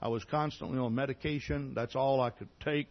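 A man preaching a sermon, telling his conversion story in a folksy way, often clearing his throat and restarting sentences. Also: mid-range voice, steady tone, fairly quick, lo-fi sound. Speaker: pastor. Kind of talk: sermon testimony.

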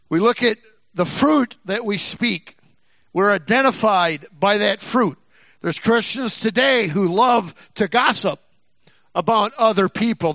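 A man's voice: very high-pitched, sharp tone, no echo. A man from Texas preaching a sermon in a folksy, rambling way, with frequent restarts and asides. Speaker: pastor.

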